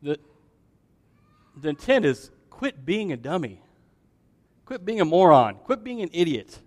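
A man preaching a sermon in a relaxed, conversational way, talking directly to his congregation with frequent restarts and asides. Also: on the high side, measured pace, big-room sound. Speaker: pastor. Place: church.

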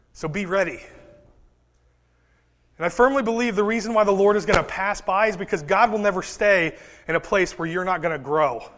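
High-voiced preacher in a reverberant hall. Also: male voice. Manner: animated preaching, voices Bible figures in quick asides. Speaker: pastor. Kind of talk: sermon.

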